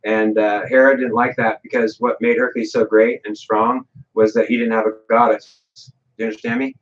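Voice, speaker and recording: Animated man telling myths. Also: mid-range voice, brisk, dull audio. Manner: animated, acts out quotes in voices. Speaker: guest. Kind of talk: livestream talk, storytelling.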